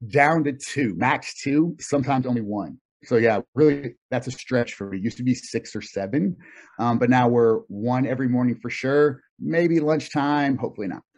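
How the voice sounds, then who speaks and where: A man's voice: medium pitch, moderate pace, darkish tone. A middle-aged man answering interview questions in a thoughtful, easygoing way, laughing often. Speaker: guest. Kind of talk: casual interview chat. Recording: dull lo-fi sound.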